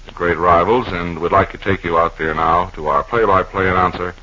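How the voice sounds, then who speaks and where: A man hosting a 1940s radio comedy, tossing off deadpan absurd asides in a halting ad-lib style. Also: deep voice, a little hiss or hum. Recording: dull old radio broadcast recording.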